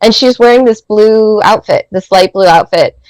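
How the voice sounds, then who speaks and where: Woman in her thirties, podcast guest, chatty and animated storyteller, dry close sound. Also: mid-range voice, moderate pace, no room sound, rough recording. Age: 30s. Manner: animated, rambling, heavy use of filler words. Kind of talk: casual storytelling.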